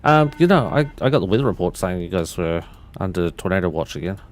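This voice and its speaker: A man with a fairly low voice, casually narrating a flight simulator session on a livestream. He talks himself through each switch and check while answering viewers in a loose, rambling way, restarting his sentences often. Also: sing-song, fast talker.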